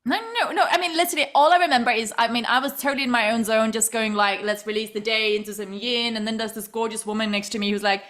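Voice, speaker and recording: A woman hosting a relaxed interview chat, animated and laughing easily as she acts out what people said. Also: on the high side, fast, hardly any pauses. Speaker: podcast host and yoga teacher.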